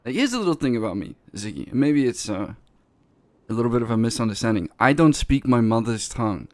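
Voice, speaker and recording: A man's voice: mid-range voice, sing-song, fairly quick, dry recording, natural voice. Man as a blunt, profane boss, not a native English speaker, dry close sound, defends himself. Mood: defensive. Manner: profane, blunt, self-justifying, restarts words. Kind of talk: in-character role-play talk.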